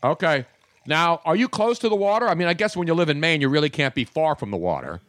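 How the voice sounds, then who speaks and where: Animated joking male show host. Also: on the high side, fast, dry recording. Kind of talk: casual banter.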